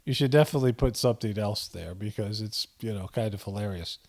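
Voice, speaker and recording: A man's voice: fairly low pitch, fast, darkish tone. A man hosting a casual video commentary, rambling with frequent chuckles and fillers. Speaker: commentary channel host.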